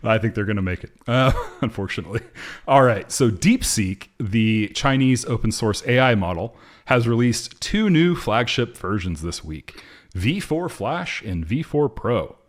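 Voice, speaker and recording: A man hosting a podcast, reading headlines in a measured way, then chatting casually. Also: medium pitch, lively intonation. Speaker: podcast host.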